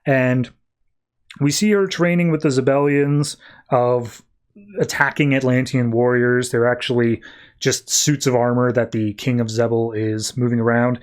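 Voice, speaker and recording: A man's voice: mid-range voice, fairly even intonation, measured pace, clean tone. A man hosting a podcast, casually recapping a comic book in a rambling, filler-heavy way. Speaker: podcast host.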